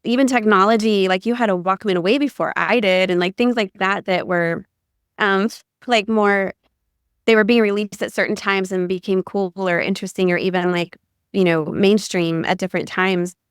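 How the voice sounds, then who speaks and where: A woman's voice: mid-range voice, steady tone, normal speed, smooth, no room sound, studio quality. A middle-aged woman from Ohio co-hosting a podcast, chatting casually and rambling with many "like"s. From Ohio, USA. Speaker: podcast co-host. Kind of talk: casual conversation.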